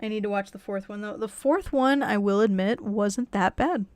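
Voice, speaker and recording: A woman voice actress chatting casually on a livestream, rambling with frequent restarts and soft laughs. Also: mid-range voice, normal speed, dry recording. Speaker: voice actress and streamer.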